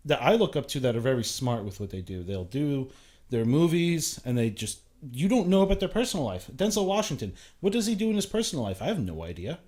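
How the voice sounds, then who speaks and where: A young man talking casually as a talk show guest, chatty and loose, full of "like" fillers and quick restarts. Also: mid-range voice, very animated, a little mellow. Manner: chatty, many "like" fillers and restarts, laughs easily.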